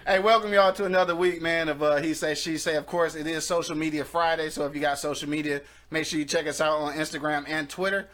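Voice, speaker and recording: A man's voice: fairly high pitch, flat delivery, quick pace, hardly any pauses, fairly bright tone. Laid-back man hosting a casual podcast. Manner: laid-back slangy banter, laughs often. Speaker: host. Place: small studio.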